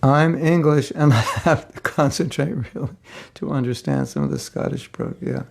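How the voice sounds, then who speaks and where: Gravelly older man teaching. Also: a little high, moderate pace. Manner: conversational, rambling, with many fillers and restarts. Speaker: spiritual teacher giving a class. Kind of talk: casual storytelling lecture.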